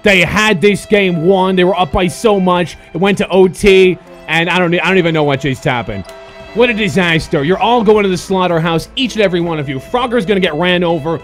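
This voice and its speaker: Young man, high voice, game commentary, yells and swears at players, faint music behind. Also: fairly quick. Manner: excitable, swearing, shouting at the game. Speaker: gaming host. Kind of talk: gameplay commentary.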